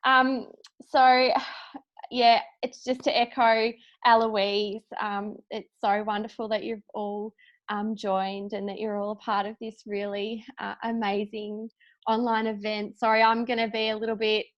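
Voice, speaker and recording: A woman from Australia with an Australian accent, co-founder and host, speaking haltingly with many fillers and close to tears over a video call. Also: mid-range voice, little pitch movement. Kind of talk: emotional speech on a video call. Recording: dull lo-fi video call audio.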